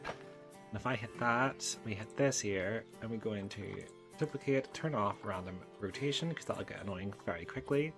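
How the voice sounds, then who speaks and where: A man's voice: lowish voice, normal speed. A man giving casual game commentary, chatting through each step and talking fondly to the animals on screen. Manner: chatty, narrates his own clicks and talks fondly to the animals. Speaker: gaming YouTuber. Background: game background music.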